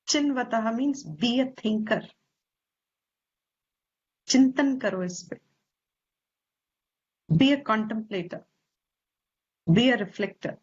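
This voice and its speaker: A woman teacher with an Indian English accent, explaining scripture slowly and deliberately, stressing Sanskrit terms and posing rhetorical questions. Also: a little high, darkish tone, husky. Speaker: Vedanta teacher. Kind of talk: slow scriptural class explanation. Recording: slightly dull lo-fi recording.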